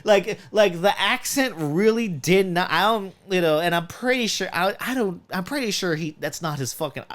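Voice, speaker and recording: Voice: mid-range voice, animated, fairly bright tone. Brief: rambling, foul-mouthed co-host of a casual movie review podcast. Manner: profane, rambling, quick asides.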